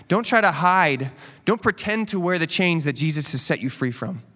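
A man with a somewhat high voice preaching a relaxed sermon, throwing playful asides to his congregation. His voice rings out in a church hall with long reverb. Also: moderate pace. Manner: animated, joking asides to the congregation. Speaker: pastor. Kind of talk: conversational sermon.

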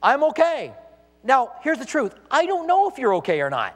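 A man's voice: very high voice, huge pitch swings, fairly quick, fairly bright tone. A male pastor preaching a sermon with emphasis and rhetorical questions, acting out the voices of people he quotes. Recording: echoey hall reverb.

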